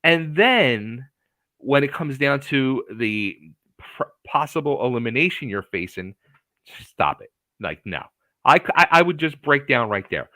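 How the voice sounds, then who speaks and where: A man hosting an interview show, talking in an excitable, casual way and swearing now and then. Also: mid-range voice, measured pace, dry recording. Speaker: host.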